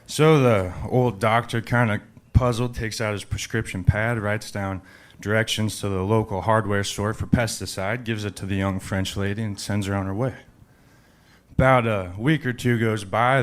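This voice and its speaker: Man, lowish voice, stand-up comic, slow halting joke delivery. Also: steady tone. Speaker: stand-up comedian.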